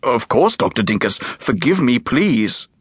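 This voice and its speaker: A man voicing a small, shy and courteous museum keeper who talks in a polite, eager and quick manner for an audiobook. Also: mid-range voice, very animated, husky, no echo, clean studio sound. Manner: polite, eager, rapid and fussy. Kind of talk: audiobook character voice.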